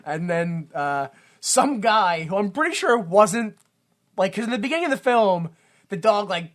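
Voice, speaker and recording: A man hosting a podcast, chatting casually about a film, excitable, laughing often and swearing. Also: high-pitched, moderate pace. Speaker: podcast host. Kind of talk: casual chat recapping a film.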